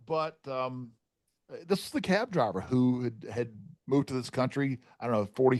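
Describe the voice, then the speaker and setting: A man's voice: mid-range voice, dry recording. Enthusiastic male podcast co-host, dry sound. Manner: enthusiastic hype talk. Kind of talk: casual chat.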